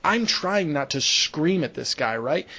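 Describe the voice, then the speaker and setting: A man's voice: on the high side, lively intonation, measured pace, bright, forceful tone, lo-fi sound. A young man, a sports medicine clinician, chatting casually and telling a story with lots of restarts and fillers. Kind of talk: casual podcast conversation.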